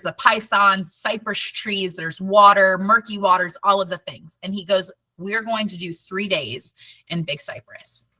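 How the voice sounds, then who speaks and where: A woman guest on a podcast, telling a personal story in a lively, chatty way and laughing often. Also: mid-range voice, no room sound, far from the mic, rough recording.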